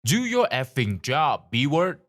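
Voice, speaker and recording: A man voicing an aggressive man who shouts and swears at a stranger. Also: medium pitch, very animated, takes it slowly, voice pushed up. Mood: angry. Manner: shouting insults.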